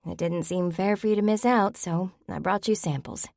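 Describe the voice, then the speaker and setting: A woman's voice: on the low side, moderate pace, vocal fry, darkish tone, no room sound, clean studio sound. A woman doing a curious young sleuth. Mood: worried.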